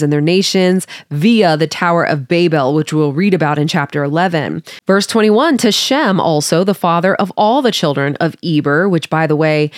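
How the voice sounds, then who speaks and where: Low-voiced woman reading Bible with commentary. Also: no echo, studio quality. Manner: friendly, explaining her study tools to listeners. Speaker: Bible study podcast host.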